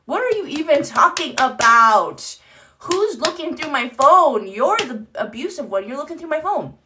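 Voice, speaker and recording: A woman's voice: high-pitched, big pitch swings, normal speed, bright, forceful tone, a little hiss or hum, voice pushed up, exaggerated voice. A woman voicing a defensive, gaslighting narcissist who shrilly denies everything in mock indignation. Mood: indignant denial.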